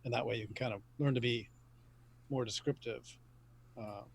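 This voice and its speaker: A man on a discussion panel, speaking in a measured, hesitant way with fillers. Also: mid-range voice, steady tone, gravelly, a little hiss or hum.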